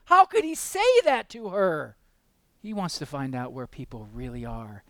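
A male preacher with a high, smooth, resonant voice delivers a fervent sermon. He keeps asking his congregation questions and acts out the people in his story. His voice swings from loud, emphatic peaks to hushed asides, recorded dry and close. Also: sing-song, measured pace, dry recording. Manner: impassioned, rising to loud emphatic peaks and dropping to quiet asides; asks the listeners many rhetorical questions.

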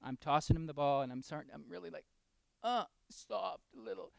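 A man preaching a sermon, moving between loud, slow emphasis and soft, intimate asides, and putting questions straight to the congregation. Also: on the high side, animated, vocal fry, no room sound. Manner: talks directly to the congregation with questions. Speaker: pastor.

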